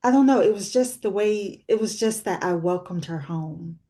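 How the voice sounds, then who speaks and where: Speaking in a mid-range, dark-toned voice at normal speed, a sixty-something woman recounts a personal story as a guest author on a talk show. She comes across as earnest and reflective, leaning on fillers often.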